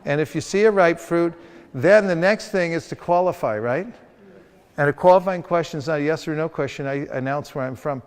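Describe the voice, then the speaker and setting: A sales trainer's smooth, slightly high voice moves fairly quickly as he teaches a group hands-on. He playfully stages street encounters as demonstrations, and the long reverb of a hall surrounds him.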